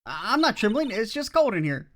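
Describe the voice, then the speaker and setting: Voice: mid-range voice, very animated, brisk, slight background noise, voice pushed up, close to an everyday voice. A let's player voicing a young, flustered female rookie defense attorney.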